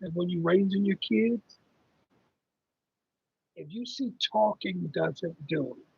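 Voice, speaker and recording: A man's voice: sits high, gravelly, husky, no room sound, highs cut off. A middle-aged man hosting a casual livestream about caregiving, rambling and conversational with lots of ums as he reads viewer comments.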